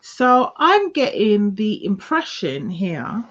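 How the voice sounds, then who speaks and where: A woman giving a casual tarot reading, talking slowly through each card as she lays it out. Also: on the low side, animated. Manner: slow, musing, talks through each card. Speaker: tarot reader. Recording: dull lo-fi sound.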